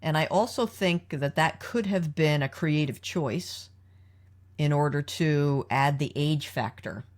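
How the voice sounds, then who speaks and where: Her voice sits low and her pace is measured. She's a podcast host who picks apart episodes in an easygoing, analytical manner, leading the talk with questions for her co-host.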